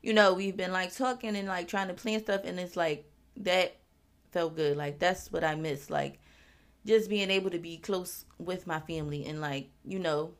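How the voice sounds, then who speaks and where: A woman's voice: lowish voice, steady tone, moderate pace. A woman in her twenties hosting a podcast, talking candidly and casually about family, swearing freely and using many fillers. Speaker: podcast host. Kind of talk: personal reflective monologue.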